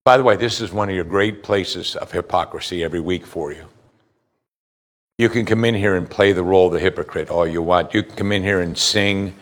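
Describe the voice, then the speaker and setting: A man preaching a sermon, rising loud on high points and dropping low and slow for scripture, asking listeners direct questions. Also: fairly even intonation. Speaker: pastor.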